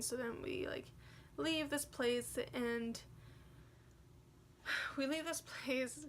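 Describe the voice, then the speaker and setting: A woman's voice: high-pitched, extremely slow, pauses often, slight background noise. A young woman vlogger telling a personal story in a casual, chatty way, full of "like" and quoted dialogue. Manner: chatty, animated retelling with many "like"s.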